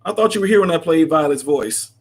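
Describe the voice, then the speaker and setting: This livestream host has a husky, somewhat high voice and an animated, quick delivery. Reading viewer comments in a casual live chat, he rambles through his replies and laughs a lot.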